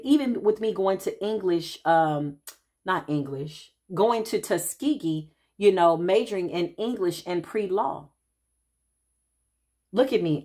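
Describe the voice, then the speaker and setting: A woman giving a casual spiritual reading, telling stories in an animated, chatty way and calling her listeners child and honey. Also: fairly low pitch. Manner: quick asides and restarts, laughs at herself. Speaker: intuitive spiritual reader.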